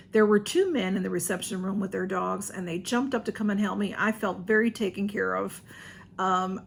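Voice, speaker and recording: A talkative older woman with a drawl tells a long story to her channel viewers, laughing often and circling back on herself. Her voice sits at a middle pitch. A faint hiss of background noise runs under the recording. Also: gravelly. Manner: rambling, laughs often, many restarts. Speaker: YouTube channel host. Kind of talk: casual chat to viewers.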